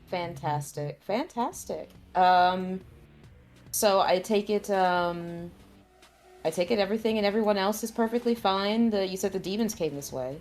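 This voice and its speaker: A woman player speaking in character, halting and polite, often searching for words. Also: mid-range voice, darkish tone, soft background music. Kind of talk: in-character tabletop play.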